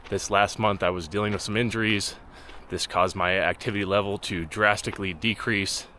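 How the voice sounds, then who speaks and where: Deadpan, low-voiced hiking man. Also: a little fast, a little hiss or hum. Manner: dry deadpan humor. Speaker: hiking vlogger. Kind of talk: deadpan vlog narration. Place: outdoors on a mountain trail.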